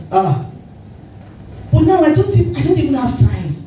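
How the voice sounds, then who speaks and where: Nigerian woman, mellow voice, chatty motivational speaker; roomy hall sound, off-mic, faint hiss. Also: sits high, moderate pace, highs cut off. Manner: lively storytelling, mixing in Yoruba, often laughing. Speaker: actress giving a public talk. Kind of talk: motivational talk to a live audience. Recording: echoey hall, voice far from mic, faint noise.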